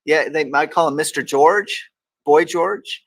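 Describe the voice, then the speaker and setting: Texan male host, playful quote-reading, slightly high voice, dry close sound. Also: a little slow, a bit bright, no echo, low-quality recording. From Texas. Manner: reads quotes aloud with playful emphasis. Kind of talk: casual talk show banter.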